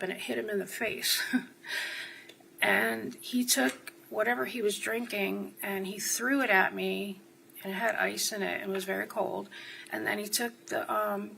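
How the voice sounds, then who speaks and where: A woman's voice: medium pitch, gravelly, pushed and bright, a little hiss or hum, rough recording. A woman from New Jersey testifying as a witness in a courtroom, giving short answers and then rambling through long stories.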